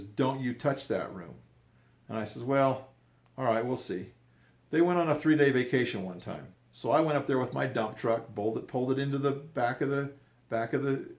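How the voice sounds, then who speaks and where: A man's voice: mid-range voice, a little mellow, reverberant. An older man, telling a family story casually and rambling, often repeating and restarting his words.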